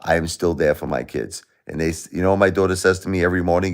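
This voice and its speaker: A man's voice: low-pitched, fast, few pauses. A man hosting a live stream, lecturing and scolding his chat commenters in a confrontational, repetitive way. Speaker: livestream host.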